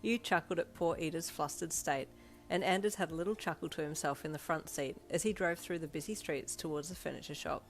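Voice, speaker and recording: Brief: woman narrator for audio fanfic, low-pitched voice, faint backing music. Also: brisk. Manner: bubbly, self-deprecating intro, then steady narration. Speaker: fanfiction reader.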